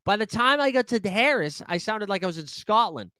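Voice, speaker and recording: High-pitched, bright, and forceful, this man's expressive voice moves fairly quickly with no room sound. He's running a live fantasy sports stream, chatting casually with viewers, joking, relaxed, and full of filler words.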